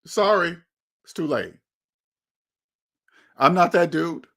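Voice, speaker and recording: A man with a slightly raised pitch, speaking to camera on his own channel. He gives candid relationship advice in a blunt, emphatic way and leans on repetition to drive each point home. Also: animated, slow pace, creaky, fairly bright tone. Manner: blunt, emphatic, repeats phrases for stress. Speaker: channel host.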